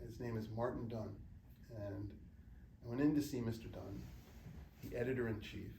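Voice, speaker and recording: A middle-aged American man tells lively anecdotes to a small student group and acts out the people he quotes. His voice is mellow with a gravelly rasp. The recording comes from a distant mic in a roomy space, with faint background noise. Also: mid-range voice, moderate pace, pauses often. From United States. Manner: animated anecdotal storytelling with acted quotes. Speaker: guest speaker, journalist. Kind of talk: storytelling talk to students.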